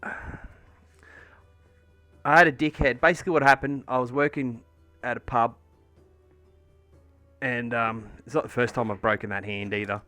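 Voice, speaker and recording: A man's voice: mid-range voice, steady tone, moderate pace, pauses often, bright, forceful tone, no echo, faint music behind. An Australian man livestreaming from home, chatting casually and rambling through a story with plenty of swearing and fillers. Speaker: livestreamer painting miniatures. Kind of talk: casual chat while painting on stream.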